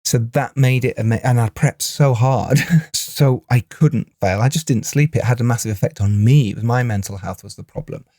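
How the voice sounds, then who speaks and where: A man, a film director co-hosting a podcast, telling stories in animated casual chat and laughing often. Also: mid-range voice, moderate pace, no echo, studio quality. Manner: animated storyteller, laughs often, restarts phrases.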